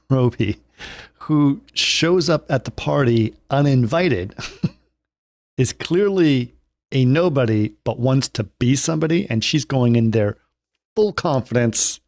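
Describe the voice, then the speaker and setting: A man's voice: medium pitch, a little slow, a little mellow, no echo. A man co-hosting a podcast, casually retelling a film's story with frequent restarts and small chuckles. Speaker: podcast co-host. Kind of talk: casual film discussion.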